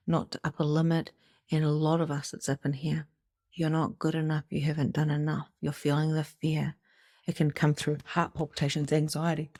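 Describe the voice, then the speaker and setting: A middle-aged woman giving an animated, casual motivational talk as a spiritual coach, swearing freely and acting out inner voices. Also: deep voice, vocal fry, dry recording, studio quality. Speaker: psychic medium and spiritual coach.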